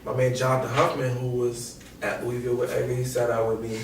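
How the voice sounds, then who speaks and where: A man's voice: mid-range voice, fast talker. Young New man, guest, casual slangy storyteller; roomy echo, mic set back. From New York. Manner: animated, slangy, profane, acts out quotes. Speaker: podcast guest, former college basketball player. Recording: echoey room, distant mic, faint noise.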